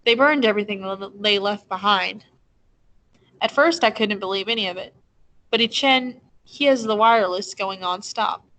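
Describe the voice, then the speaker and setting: A woman reading a novel aloud, voicing a brisk, chatty old woman who fusses over her guests. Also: medium pitch, a bit bright, close to an everyday voice, low-quality recording. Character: brisk kindly old woman, low pebbly voice.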